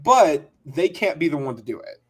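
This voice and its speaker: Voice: medium pitch, very animated, moderate pace, husky. Emphatic podcast co-host. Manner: emphatic, repeats words for stress. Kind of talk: casual chat.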